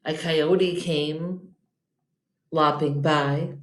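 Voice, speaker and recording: A woman teacher reading a children's picture book aloud, slow and expressive, in an echoey room. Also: mid-range voice.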